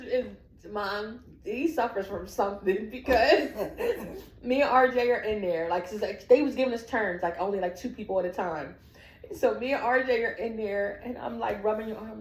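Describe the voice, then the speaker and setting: A young woman casually telling a family story in a lively way, acting out the people she quotes and laughing often. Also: a little high. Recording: echoey room.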